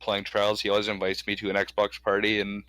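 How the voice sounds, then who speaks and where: A man's voice: lowish voice, monotone, brisk, a bit bright, clean tone, no room sound, low-quality recording. A young man, a guest on a gaming podcast, chatting in a joking, laid-back and somewhat hesitant way. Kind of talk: casual podcast chat.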